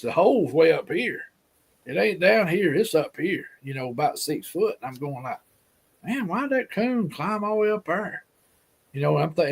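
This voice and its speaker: Alabama-accented male guest, folksy rambling storyteller, voice on the higher side. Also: gravelly, darkish tone, slightly rough. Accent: Alabama Southern. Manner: folksy, rambling, repeats himself. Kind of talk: casual storytelling.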